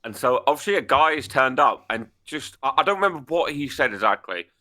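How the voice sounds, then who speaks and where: Young male co-host, storyteller, sweary and upbeat, bright forceful tone, mid-range voice. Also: mid-range voice, brisk. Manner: animated storytelling, frequent agreement and swearing. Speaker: podcast co-host. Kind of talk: casual chat.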